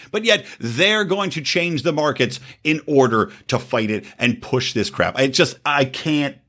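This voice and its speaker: A man's voice: a little high, pushed and bright. A male podcast host delivering heated, indignant political commentary, full of swearing and rhetorical questions.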